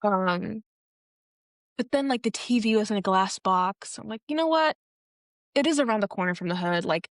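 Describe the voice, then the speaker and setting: Young woman podcast cohost, chatty storytelling, mid pitch, dry close mic. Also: dry recording. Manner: animated, acts out quoted people with pitch jumps. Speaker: podcast co-host. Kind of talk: casual storytelling chat.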